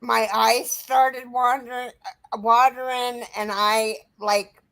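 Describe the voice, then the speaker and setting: A middle-aged woman chatting casually on a livestream, telling an animated family story. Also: fairly high pitch, takes it slowly. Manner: animated storyteller, quotes her kids.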